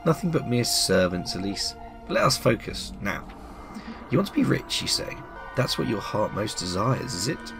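A man voicing a sinister male demon who bargains for souls, reading game dialogue in a silky, mocking, slow and hushed voice. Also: lowish voice, sing-song, creaky, over music, rough recording. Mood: sly.

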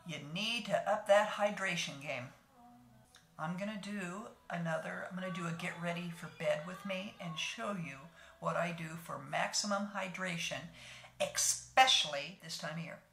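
A woman's voice: lowish voice, normal speed, a bit bright. Chatty older woman in an echoey room. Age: 60s. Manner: homey, talks to viewers as ladies, narrates each step. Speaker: beauty vlogger. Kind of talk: chatty makeup tutorial.

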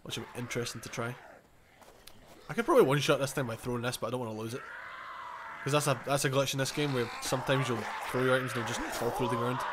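A man's voice: medium pitch, background noise. Easygoing man rambling through a game. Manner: rambling, self-correcting, chuckles often. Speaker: gaming channel host. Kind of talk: casual let's-play commentary.

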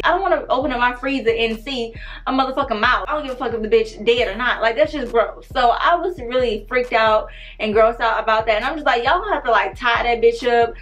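A young woman, telling a story in a loud, animated, profane way. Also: a little high, brisk. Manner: animated, profane, dramatic retelling. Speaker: storytime vlogger. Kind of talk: casual storytime.

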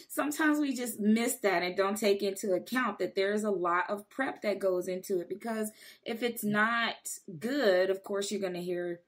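A woman's voice: medium pitch, moderate pace. A woman podcast host asking rambling, chatty questions in a conversational interview.

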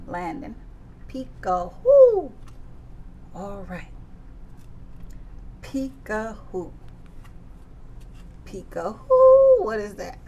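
A woman's voice: on the low side, a little hiss or hum. A woman teaching circle time to young children, singing nursery songs and reading a picture book with playful animal sounds. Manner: playful, sing-song, animal sounds and big exclamations.

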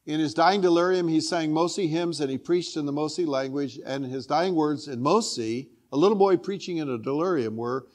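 An older man, a guest preacher, telling a personal story in a sermon with earnest feeling, dropping to a hushed tone at moving points. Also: fairly high pitch, normal speed, hardly any pauses.

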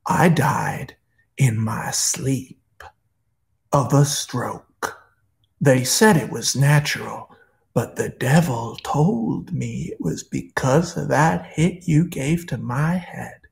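A man voicing a bitter old guard in hell, speaking slowly in a low, hushed voice. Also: vocal fry. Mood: grim.

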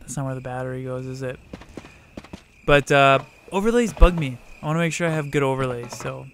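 A young man streaming a game, chatting casually with viewers, swearing freely and shouting at the game. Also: mid-range voice, fairly quick, slight background noise. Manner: profane, chatty, outbursts at the game, greets viewers. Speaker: let's play streamer. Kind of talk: casual live-stream gaming commentary.

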